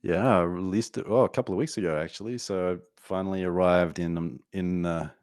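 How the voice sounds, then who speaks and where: Low-voiced Australian man, dry close sound. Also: steady tone, brisk, a little mellow, dry recording. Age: 40s. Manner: talkative, candid, tells stories with asides. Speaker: podcast guest. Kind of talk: casual interview chat.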